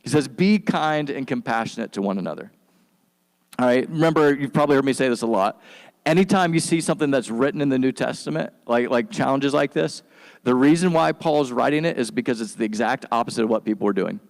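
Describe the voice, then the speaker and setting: Casual pastor in a reverberant hall. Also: male voice, mid-range voice, creaky. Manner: relaxed and slangy, acts out quick voices for biblical figures. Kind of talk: casual conversational sermon.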